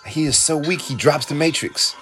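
A man giving an excited, emotional reaction commentary while watching a film. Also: fairly high pitch, normal speed, faint music behind. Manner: emotional, exclaiming, laughing often. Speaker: reaction video host.

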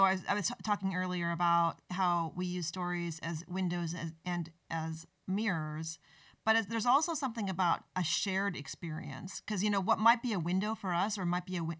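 A woman hosting a casual conversation, speaking thoughtfully with many pauses and ums. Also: on the low side, a bit bright, no echo. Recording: dry, distant from the mic.

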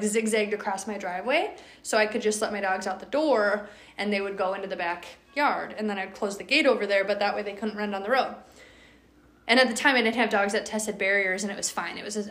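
A young woman hosting a podcast, telling a story in a chatty, animated way with lots of fillers. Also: mid-range voice, roomy sound. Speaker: podcast host. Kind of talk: casual storytelling.

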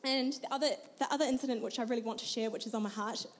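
A young woman tells her life story with earnest feeling. Her voice sits a little high. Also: fairly even intonation, very fast, slight background noise. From New Zealand. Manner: earnest, emotional storytelling with frequent laughs. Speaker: guest. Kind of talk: personal testimony in an interview.

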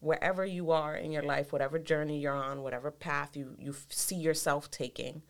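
Low-voiced woman, reflective podcast co-host. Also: steady tone, brisk. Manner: reflective, probing, affirming. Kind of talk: casual chat.

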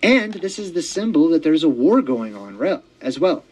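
Rambling, excitable man with a higher voice. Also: normal speed, breathy edge, low-quality recording. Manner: rambling and excitable, many fillers and restarts. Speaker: podcast host. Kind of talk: casual monologue.

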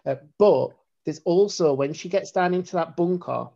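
A man's voice: high voice, normal speed, vocal fry, mellow, highs cut off. A man co-hosting a casual film discussion podcast, talking bluntly and swearing freely. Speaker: podcast co-host.

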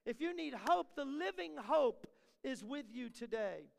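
A man preaching a sermon in a church, building repeated refrains and then dropping to soft, close asides. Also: very high-pitched, lively intonation, measured pace, gravelly. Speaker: pastor. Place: church sanctuary. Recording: long hall reverb.

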